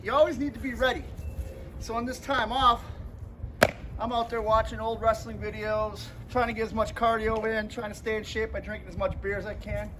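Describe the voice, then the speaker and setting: A man with a strikingly high voice tells a story to his vlog camera in a relaxed, chatty way. He plays out the voices of the people in his story as he goes. Steady background noise runs under his voice. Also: brisk. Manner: lively storyteller who acts out the people he quotes. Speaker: vlogger and pro wrestler. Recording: noisy ambient background.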